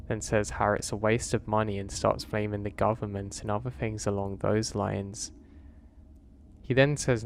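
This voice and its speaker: A man, narrating a first-person horror story in a steady, earnest way. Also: fairly low pitch, normal speed, slight background noise.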